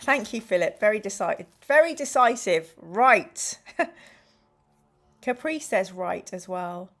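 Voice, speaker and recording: A woman's voice: mid-range voice, animated, slow pace, soft background music. A woman hosting a live stream, reading a gamebook aloud to her chat in a playful, exclamatory way.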